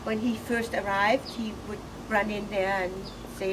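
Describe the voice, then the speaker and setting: A middle-aged woman giving a personal eulogy, halting and emotional, laughing through tears. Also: mid-range voice, flat delivery, recorded from a distance. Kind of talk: personal eulogy, casual storytelling. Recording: noisy room ambience.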